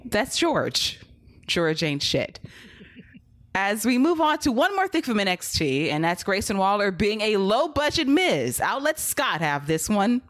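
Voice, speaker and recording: A woman's voice: mid-range voice, very animated, measured pace, a bit bright. A woman hosting a casual podcast, recapping in a blunt, profane and sarcastic way. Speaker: podcast host.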